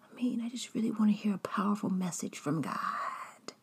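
A woman's voice: expressive, moderate pace, whispered. A woman putting on a gushing, fake-sweet friend. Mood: sugary. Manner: high, breathy, overly sweet.

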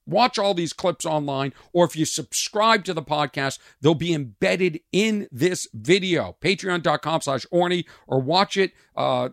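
A man hosting his own podcast, a comedian telling stories in an animated way and acting out exchanges. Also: on the high side, dry recording, studio quality. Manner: animated storytelling, acts out exchanges. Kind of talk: casual podcast monologue.

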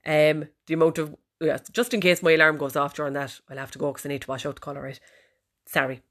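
A woman's voice: low-pitched, flat delivery, fast talker. A woman with an Irish accent hosting a podcast, chatting in a cheeky, sweary way from her bedroom. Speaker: podcast host. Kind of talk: casual chat. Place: bedroom, sitting on the bed.

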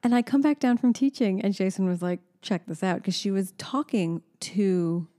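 A woman's voice: mid-range voice, normal speed. A woman in her thirties chatting casually as a podcast co-host, animatedly telling stories about her young daughter. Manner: animated storyteller, mimics her toddler. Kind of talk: casual chat.

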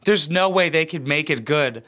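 A man's voice: fairly high pitch, lively intonation, normal speed, sharp tone. A man giving crude, sarcastic reaction commentary as a YouTuber, blunt and full of swearing.

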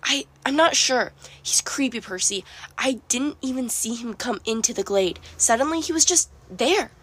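A woman's voice: on the high side, expressive, moderate pace, a bit bright, breathy edge. A woman reading a worried young tree nymph. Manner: worried, hesitant with stammers. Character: gentle young female tree nymph, anxious.

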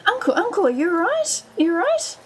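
A fussing young heroine, voiced by a woman at the table, who coaxes her companions with anxious care. The voice is higher and lifts further when she frets. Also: normal speed, a loud crowd. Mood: worried. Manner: anxious, coaxing.

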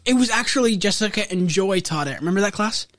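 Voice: medium pitch, animated, fast, fairly bright tone. A young adult guest joins a casual podcast chat among friends, recalling old times. The voice moves up and down a lot, with frequent laughter. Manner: laughing, reminiscing.

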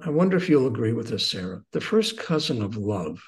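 A man in his sixties, a guest teacher, earnestly telling personal stories in conversation and moving between excited and hushed tones. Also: medium pitch, a little fast.

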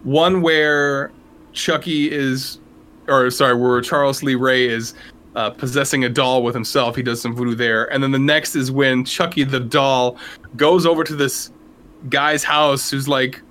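A man's voice: mid-range voice, steady tone, unhurried, a bit bright. A man co-hosting a casual movie review chat, rambling loosely, laughing, and dropping into quoted voices. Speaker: podcast co-host.

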